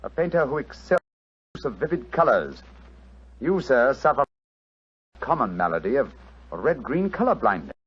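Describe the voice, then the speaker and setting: Casting: a measured, husky detective explaining a case, old lo-fi radio. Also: male voice, medium pitch, big pitch swings. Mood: assured. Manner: crisp, measured, lecturing. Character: brilliant cool-headed male detective. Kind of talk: 1940s radio acting. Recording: dull lo-fi old radio recording.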